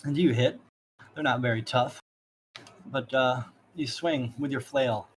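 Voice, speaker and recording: A man's voice: medium pitch, measured pace, a little hiss or hum. A man narrating a tabletop game as dungeon master, rambling with laughing asides.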